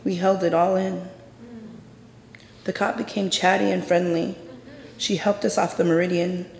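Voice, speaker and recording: Guy doing a dramatic story monologue on stage, gravelly, slightly high voice, big echoey theater. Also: little pitch movement, moderate pace, a little hiss or hum. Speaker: stage performer telling a personal story. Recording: echoey hall with long reverb.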